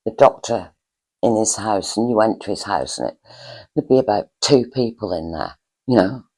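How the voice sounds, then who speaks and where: A woman's voice: a bass voice, animated, moderate pace, dark tone, husky, poor audio. An older woman hosting a cosy storytelling chat, reminiscing fondly in a rambling, hesitant way with lots of fillers. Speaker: storyteller host.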